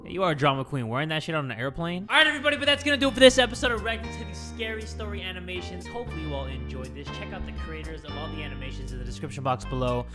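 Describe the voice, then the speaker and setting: A man's voice: fairly high pitch, lively intonation, racing, hardly any pauses, music in the background. A young man hosting a reaction video, cracking crude jokes in casual commentary. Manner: joking, crude wisecracks. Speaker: YouTube host reacting to videos.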